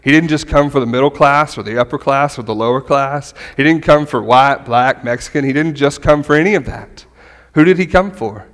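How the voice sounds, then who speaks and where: A middle-aged man giving a conversational sermon as a pastor, animated and often checking in with "right?". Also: medium pitch, a little fast. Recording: long hall reverb.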